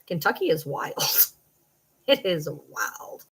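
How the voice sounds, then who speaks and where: Low, husky and a bit bright, this woman's voice is very animated, and she stretches out her words. She's about forty, a Michigan-accented social media personality from the Detroit downriver area, talking bluntly and profanely to viewers during a late-night livestream captured in poor audio.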